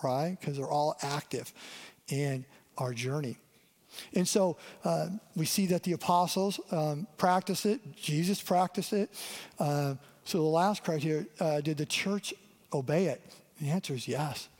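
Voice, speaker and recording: A man's voice: fairly high pitch, unhurried, darkish tone. A man, a lead pastor, delivering a conversational sermon and asking his listeners questions. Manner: conversational, asks the audience questions. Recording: long reverb of a church hall.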